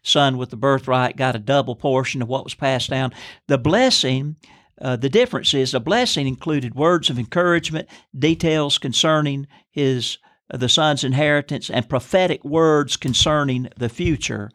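A man's voice: medium pitch, normal speed, a bit bright, dry recording, clean studio sound. A middle-aged father and church leader discussing the Bible in a folksy, explanatory way. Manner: folksy, explanatory, affirms with "that's exactly right".

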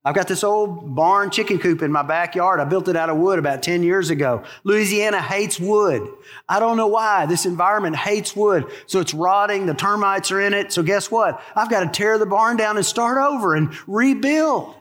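A middle-aged preacher with a rather high voice, talking folksy and conversational from the pulpit. His words ring out in a big sanctuary with a long echo trailing behind them. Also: normal speed, fairly bright tone. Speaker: pastor. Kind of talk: sermon. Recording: long hall reverb.

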